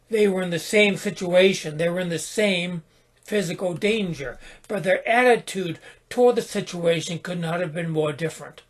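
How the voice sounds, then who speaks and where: A man hosting his own podcast, giving a reflective spoken sermon in a calm, contemplative manner with small restarts. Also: sits high. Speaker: podcast host and spiritual teacher.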